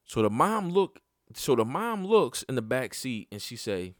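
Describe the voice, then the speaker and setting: A man's voice: sing-song, a little slow, dry recording, studio quality. Blunt, profane man telling a story. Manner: profane, blunt, conversational; voice climbs high and loud when worked up. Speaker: father telling a personal story. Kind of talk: casual storytelling to camera.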